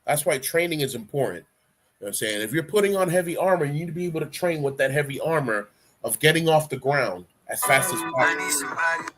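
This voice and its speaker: A man's voice: mid-range voice, slightly rough. A man hosting a casual live-stream talk show, talking loosely in an instructive, coaching way and leaning on "you know" a lot. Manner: relaxed, rambling, heavy use of "you know". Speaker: livestream talk show host.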